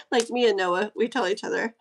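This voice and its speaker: Woman live-stream host, casual card-reading chat, giggly and effusive, higher pitch. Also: normal speed, slight background noise. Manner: giggly, gushing and easily excited.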